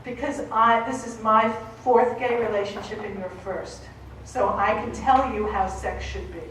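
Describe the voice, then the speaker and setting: A woman's voice: fairly high pitch, steady tone, measured pace, fairly bright tone, a little hiss or hum. A woman from Boston with a Boston accent, giving an emphatic conference talk and often checking in with "okay?". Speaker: conference speaker. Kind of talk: lecture. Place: conference hall. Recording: echoey hall, voice from a distance.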